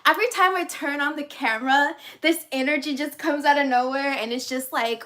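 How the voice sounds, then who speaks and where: A woman's voice: high-pitched, normal speed, fairly bright tone. A woman coach talking casually to the camera at home, bubbly and chatty with frequent laughs. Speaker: life and business coach.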